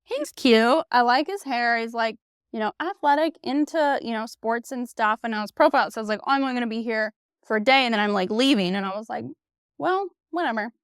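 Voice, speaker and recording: Chatty young woman, smooth dry voice. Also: a little high, quick pace, no echo. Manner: chatty, animated, heavy use of "like" and swearing. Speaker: podcast host. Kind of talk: casual solo dating chat.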